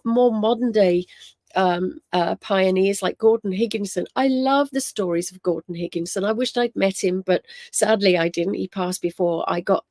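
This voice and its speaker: A woman's voice: mid-range voice, darkish tone, dry recording, clean studio sound. A woman hosting a casual livestream on spiritual topics, telling stories with lots of ums and greeting viewers by name.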